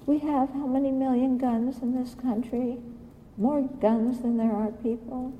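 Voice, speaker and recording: A woman's voice: high-pitched, fairly even intonation, unhurried, in a large hall, dull audio, slight background noise. A woman giving a Buddhist dharma talk in a blunt, questioning way, often acting out what other people say. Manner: blunt, questioning, acts out quotes. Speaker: Buddhist teacher.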